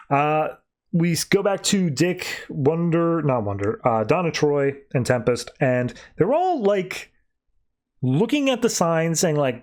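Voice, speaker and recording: A young man hosting a podcast, casually recapping and reviewing a comic issue, acting out the characters' lines with big jumps in his voice. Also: normal speed. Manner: animated retelling, acting out quoted lines with pitch jumps.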